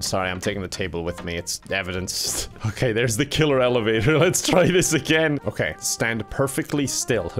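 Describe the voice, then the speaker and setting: A young man giving excitable, exasperated let's-play commentary, swearing and laughing often. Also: mid-range voice. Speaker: gaming YouTuber.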